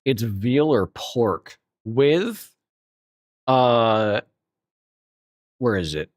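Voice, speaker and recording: A man's voice: mid-range voice, lively intonation, extremely slow, no room sound. Laid-back co-host type man, jokey and loose, dry booth sound. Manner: laughing, swears freely, trails off mid-sentence. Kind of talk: casual chat reacting to food on screen.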